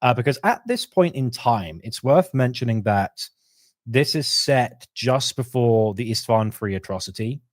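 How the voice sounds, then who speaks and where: A man, co-hosting a podcast, explaining a book's story in casual chat and acting out characters' lines in quick put-on voices. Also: medium pitch, expressive, no room sound. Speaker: podcast co-host.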